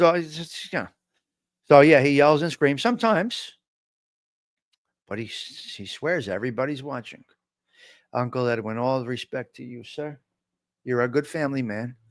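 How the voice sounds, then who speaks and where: A man's voice: medium pitch, no echo, clean studio sound. A man with a New Jersey accent hosting a casual live-stream chat, brash and profane, joking and talking back to the chat.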